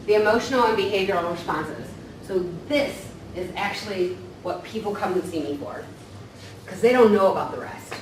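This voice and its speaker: A woman counselor teaching a staff training in a relaxed, conversational way, often tagging her points with "right?". Her voice sits at an ordinary pitch for a woman. It is picked up from a distance in a large, very echoey room, with faint noise underneath. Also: normal speed. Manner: casual, tags points with "right?".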